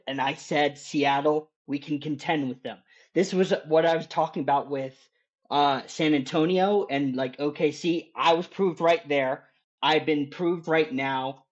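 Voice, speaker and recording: A man on a sports podcast, talking with fierce, profane passion and hammering his points home. His voice sits a little high for a man. The audio is dull and lo-fi. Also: steady tone, a little slow. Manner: passionate, profane, emphatic ranting. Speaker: podcast co-host. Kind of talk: casual sports podcast chat.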